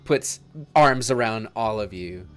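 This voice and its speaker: A man running a tabletop role-playing game, narrating scenes in a measured, descriptive way with jokey asides. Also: on the low side, fairly bright tone, clear, resonant tone. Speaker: game master.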